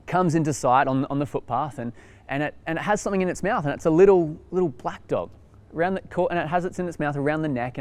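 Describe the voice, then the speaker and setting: A young Australian man leads a youth talk with a relaxed storytelling manner. His voice sits a little high and swings widely in pitch. He restarts sentences and fills pauses with ums and "you know.". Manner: animated anecdotal, many fillers and restarts. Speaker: youth pastor.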